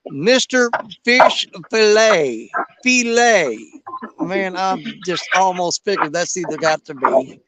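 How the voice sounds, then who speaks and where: A man's voice: high-pitched, lively intonation, slow pace, heavy background noise. A man hosting a casual livestream, greeting viewers by name in a folksy, drawling way. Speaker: livestream host. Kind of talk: casual livestream chat reading viewer comments.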